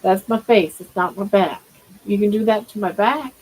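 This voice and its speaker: A woman's voice: mid-range voice, moderate pace, darkish tone, slight background noise, poor audio. An older woman hosting a casual live stream from home, talking baby talk to her pet and musing aloud about her weight.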